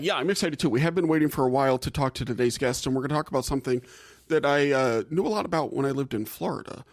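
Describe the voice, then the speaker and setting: A man's voice: medium pitch, no room sound, studio quality. A man hosting a casual podcast, talking emphatically with a jokey, self-deprecating manner. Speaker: podcast host.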